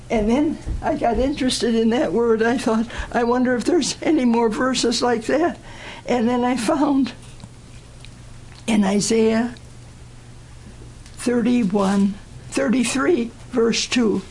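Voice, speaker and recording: Older woman, slow earnest testimony. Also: fairly high pitch, darkish tone, slight background noise, rough recording. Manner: slow, deliberate, earnest storytelling. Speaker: church speaker giving testimony. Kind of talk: personal testimony in church.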